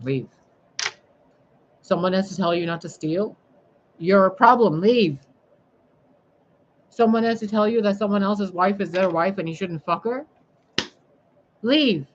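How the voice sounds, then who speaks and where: A woman's voice: medium pitch, muffled recording, a little hiss or hum. A woman livestreaming a blunt, sarcastic monologue, scolding her viewers and swearing freely. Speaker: spiritual livestreamer.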